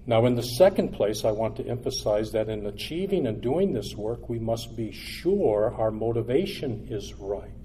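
A man's voice: expressive, moderate pace, hardly any pauses, a little hiss or hum. Earnest, emphatic male preacher. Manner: builds to loud emphatic peaks, then drops low and quiet; earnest, repetitive, exhortative. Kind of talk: sermon.

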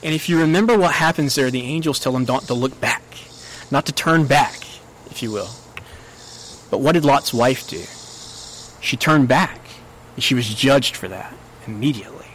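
A man preaching a sermon in an earnest way, his pitch rising when he quotes scripture. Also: normal speed, a bit bright, a little hiss or hum, poor audio.

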